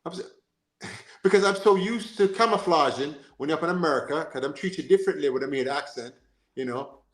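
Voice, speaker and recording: In a reverberant setting, a man with a Jamaican accent hosts an easygoing football talk for his podcast. His voice sits on the high side and moves fairly quickly; he's lively, repetitive, and keeps checking "you understand?"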